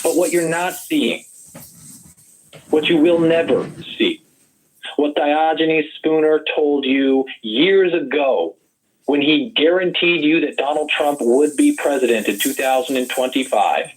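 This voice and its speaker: A man running as a political candidate, talking loud and rambling and mocking his opponents in a heated online debate. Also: fairly high pitch, unhurried. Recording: tinny call audio.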